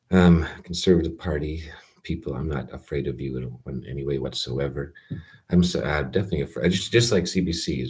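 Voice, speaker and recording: A man from Canada, ranting to the camera in a rambling, sarcastic way, breaking off and restarting his thoughts. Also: rumbling low. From Calgary, Canada. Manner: rambling, sarcastic, self-interrupting with fillers. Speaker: vlogger. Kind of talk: rambling direct-to-camera rant.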